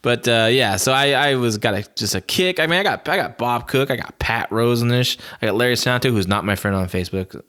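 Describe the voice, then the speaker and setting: A man hosting a wrestling podcast, telling stories in a rambling, animated way with lots of fillers. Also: mid-range voice, a little fast, few pauses. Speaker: podcast host. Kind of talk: casual wrestling podcast chat.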